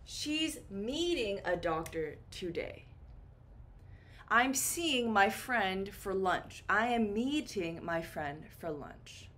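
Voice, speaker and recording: Slow, lively woman teaching beginners. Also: mid-range voice, a little hiss or hum. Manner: animated, playful, acts out little example dialogues. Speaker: English teacher. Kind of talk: slow, clear beginner English lesson.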